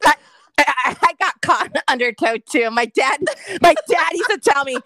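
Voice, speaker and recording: Brief: high, bright female podcast co-host, dry close mic, wry swear-heavy storyteller. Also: expressive, normal speed, no room sound. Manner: profane, wry, rambling anecdotes. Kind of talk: casual storytelling chat.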